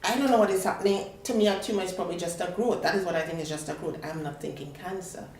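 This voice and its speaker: A woman tells her story as a talk show guest and acts out the voices of the people in it. Her voice sits on the low side. She is recorded in a roomy space from a distant mic, with faint noise behind her. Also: fast talker, a little mellow. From Tobago. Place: studio.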